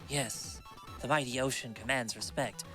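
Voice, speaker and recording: A man's voice: medium pitch, normal speed, pushed and bright, soft background music, lightly acted. A man voicing a boastful young male sea duelist, reading his lines with grand, theatrical taunts. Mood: gloating.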